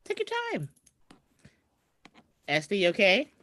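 Animated woman comedian hosting a live stream. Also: medium pitch, a little slow, noisy background. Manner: chatty, animated, talks straight to viewers. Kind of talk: casual live-stream chat. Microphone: webcam video call.

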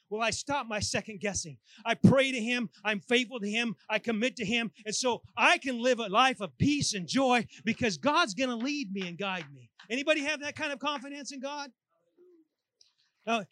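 A man preaches to a church congregation, voice high and bright. He acts out his own prayers in animated bursts, and the sound is dry and close, with little room echo. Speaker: pastor. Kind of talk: sermon. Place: church sanctuary.

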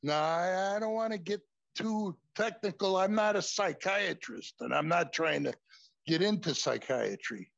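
Male preacher with a high voice, informal classroom sermon, muffled and dry recording. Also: vocal fry, no room sound. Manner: conversational, repeatedly says "folks".

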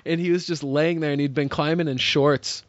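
A podcast host in their forties in casual chat, relaxed and laughing along. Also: mid-range voice, moderate pace, no room sound. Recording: dry, dull lo-fi podcast audio.

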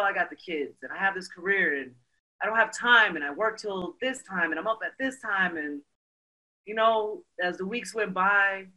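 Bright-voiced Brooklyn storyteller woman. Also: on the low side, poor audio. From Brooklyn, New York. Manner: lively storyteller, many "you know"s. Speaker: guest. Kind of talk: casual interview storytelling.

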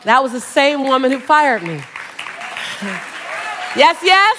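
A woman's voice: sits high, big pitch swings, takes it slowly, long pauses, noisy background. A woman in her forties giving a keynote to a live audience, telling humorous stories and calling for responses from the crowd. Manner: fervent, rousing exhortation. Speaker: motivational speaker.

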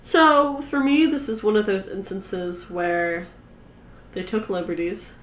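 A woman co-hosting a podcast in casual chat, chatty and full of "um" and "like", with quick agreeing replies. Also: medium pitch, animated, fairly bright tone, slight background noise. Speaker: podcast co-host. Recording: roomy echo.

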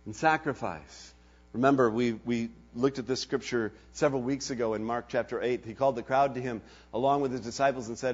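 A man preaching a sermon and telling a story dramatically, swinging between loud and hushed delivery. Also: medium pitch, steady tone, fairly quick, husky. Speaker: pastor. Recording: dull lo-fi recording.

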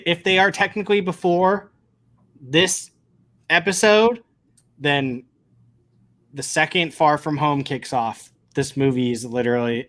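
A man hosting a casual podcast, talking in an unhurried, drawn-out way. He gets excitable and rambles, restarting his sentences as he goes along. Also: on the high side. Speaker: podcast host. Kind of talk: casual pop-culture chat.

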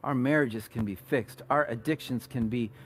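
A man preaching a sermon as pastor, conversational, rising to loud emphatic peaks and dropping to soft low asides. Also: normal speed, breathy edge.

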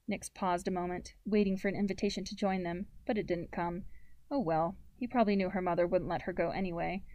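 A woman narrating a young-adult story in a calm, measured way. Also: medium pitch, no room sound. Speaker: audiobook narrator.

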